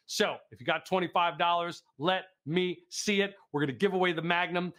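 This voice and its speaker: A man's voice: high-pitched, normal speed, a bit bright. A man from the Midwest hosting a live fundraising telethon, calling donation auctions in a playful, goofy way and teasing the audience.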